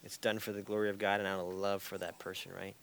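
Low-voiced man teaching a Bible class. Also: little pitch movement, fast, slight background noise. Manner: tags points with "right?" and light chuckles.

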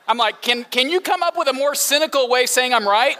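Man, middle-aged pastor, sermon, high-pitched, bright, animated and joking. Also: fairly quick, hardly any pauses, some chatter behind. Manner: animated, humorous asides with laughter.

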